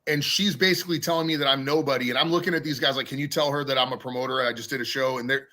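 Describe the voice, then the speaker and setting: A man's voice: mid-range voice, steady tone, rapid-fire, bright, forceful tone. A man telling a profane backstage story in casual podcast chat, laughing as he goes. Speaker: podcast guest.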